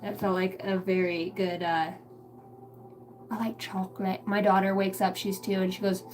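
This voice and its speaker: A woman's voice: medium pitch, normal speed. Young woman on a home livestream, rambly and sweary, bit of hiss behind her. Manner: rambling, swears a lot, animated. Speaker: livestream psychic reader. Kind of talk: casual livestream chat.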